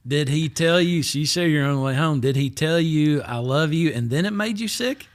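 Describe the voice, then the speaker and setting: A man hosting a podcast, asking follow-up questions and laughing along with his guest. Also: fairly high pitch. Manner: encouraging, quick to laugh, asks follow-ups. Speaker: podcast host. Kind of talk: casual interview.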